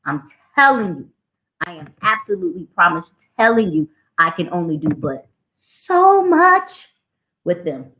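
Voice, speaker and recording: A woman who works as a school administrator, hosting a casual show and telling stories in a snarky, animated way. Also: lowish voice, normal speed. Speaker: podcast host, school administrator. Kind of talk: casual storytelling. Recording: roomy echo.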